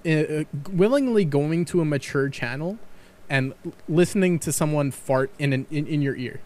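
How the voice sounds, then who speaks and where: Brief: male podcast host, slightly higher voice, rambling opinionated rants, casual swearing. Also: normal speed, dark tone.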